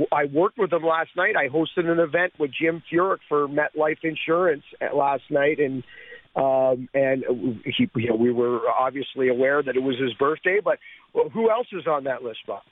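A man's voice: a little high, normal speed, no echo. A man co-hosting a golf radio show, rambling with plenty of fillers. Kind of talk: casual radio chat. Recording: dry, phone-like radio audio.

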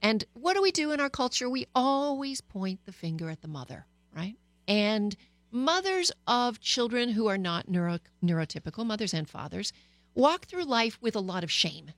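A woman's voice: a little high, very animated, moderate pace, no echo. A middle-aged woman psychologist hosting a talk radio show, speaking candidly and personally with frequent hesitations. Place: radio studio.

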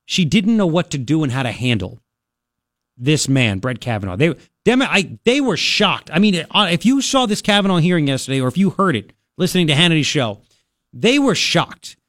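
A man's voice: a little high, sing-song, fairly quick, a bit bright, no room sound, clean studio sound. A man hosting talk radio, giving indignant, mocking commentary.

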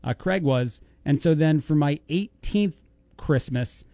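Brief: New York man, radio host, higher voice, dry close studio sound, teasing banter. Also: mellow, no echo. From East Coast of the US. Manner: playful, teasing, quick joking. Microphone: studio microphone.

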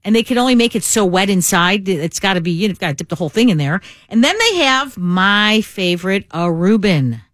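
A woman's voice: medium pitch, animated, a little fast, few pauses, fairly bright tone, dry recording. A woman co-hosting morning radio in a studio, chatty and enthusiastic. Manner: enthusiastic, chatty, laughs easily. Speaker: radio co-host. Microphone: close studio mic.

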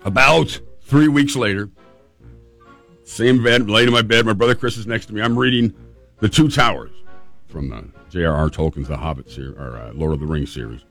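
A man hosting a call-in radio talk show, telling a funny childhood story in a playful, animated way. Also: fairly low pitch, normal speed, soft background music. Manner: lively, playful storyteller who acts out moments.

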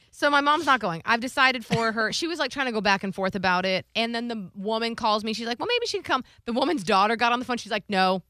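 A woman's voice: on the high side, lively intonation, brisk, pushed and bright, no echo. A middle-aged woman chatting casually, telling a family story and acting out quoted voices. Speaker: co-host. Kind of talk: casual chat.

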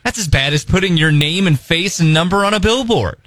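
A man's voice: sits high, lively intonation, a little fast, fairly bright tone, dry recording. A man co-hosting a morning radio show, teasing and wry in casual banter, tripping over restarts. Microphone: studio microphone.

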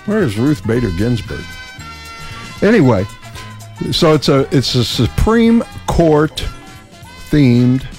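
A man's voice: mid-range voice, a little mellow. A man hosting a casual radio talk show, playful and boastful, laughing often.

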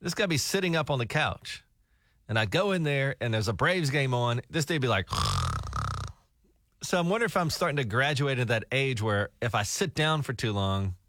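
A man's voice: medium pitch, animated, brisk, fairly bright tone, no echo, studio quality. A man co-hosting a morning radio show, teasing his partner in casual banter and laughing often. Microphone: studio microphone.

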